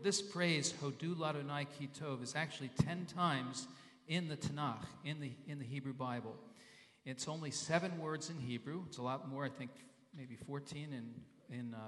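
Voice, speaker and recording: A man's voice: fairly high pitch, moderate pace, fairly bright tone. A male pastor giving a sermon in a conversational way, repeating phrases and sounding out Hebrew and Greek words. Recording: long reverb in a large hall.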